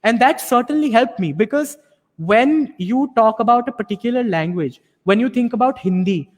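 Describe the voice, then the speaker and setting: A man's voice: extremely high pitch, expressive, moderate pace, in a large hall. A man giving an explanatory advice talk to students and parents, often checking in with rhetorical questions. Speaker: panel speaker on learning English.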